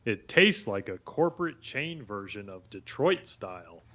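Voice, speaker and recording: A machine voice in a man's voice, smoothly reading out a summary. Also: fairly low pitch, big pitch swings, measured pace, fairly bright tone. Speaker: AI voice assistant.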